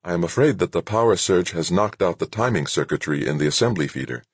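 A man voicing a quiet, apologetic male scientist. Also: low-pitched, animated, fast, slightly rough, no room sound. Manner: soft-spoken, apologetic.

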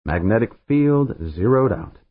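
A man's voice: medium pitch, sing-song, measured pace, dry recording, voice pushed up. A man narrating an audiobook voices a brash, confident young woman pilot in a raised, breezy voice. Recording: narrow phone-like sound, dry.

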